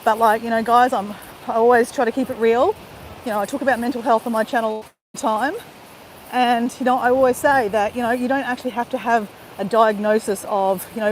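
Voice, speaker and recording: A woman's voice: on the high side, a little hiss or hum, low-quality recording. A woman vlogger crying as she talks, rambling with lots of "you know" while on a walk outdoors. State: tearful, crying. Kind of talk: emotional live-stream monologue.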